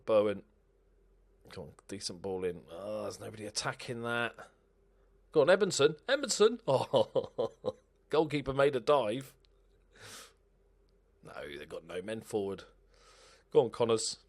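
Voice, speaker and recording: A man giving casual, excitable commentary over a game, talking to himself and swearing. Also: on the low side, a little slow, creaky, long pauses.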